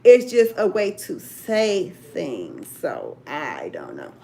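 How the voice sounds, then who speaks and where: A woman's voice: fairly low pitch, wildly swooping pitch, takes it slowly, gravelly, dark tone, slight background noise. An older woman hosting a casual live chat from home, chatty and drawn out, laughing often. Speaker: livestream host.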